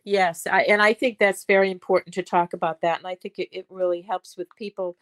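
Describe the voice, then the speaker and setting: A woman's voice: lowish voice, steady tone, fairly quick, a bit bright, dry recording. An older woman talking as a podcast guest, telling stories in a rambling way with frequent restarts. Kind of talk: conversational storytelling.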